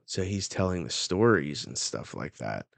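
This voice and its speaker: A man's voice: low-pitched, very animated, moderate pace, vocal fry, dry recording. A man hosting a live stream, chatting casually as he reacts while reading a manga aloud, loose and prone to swearing.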